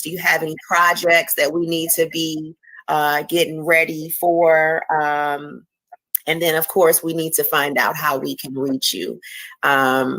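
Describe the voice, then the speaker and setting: Impassioned woman host, low and dry. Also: a bit bright, dry recording, low-quality recording. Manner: impassioned, preachy, casual slang. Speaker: show host. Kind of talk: emotional interview chat.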